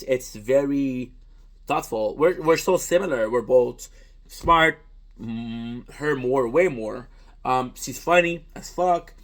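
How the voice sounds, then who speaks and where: Male streamer, native French speaker, mid-pitched, earnest and rambling with frequent restarts and casual swearing. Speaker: content creator and streamer. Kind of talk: casual reflective monologue.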